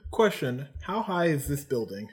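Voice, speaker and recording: Man, tabletop player, slightly higher voice, quick, evasive. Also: very animated, breathy edge. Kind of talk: tabletop role-play.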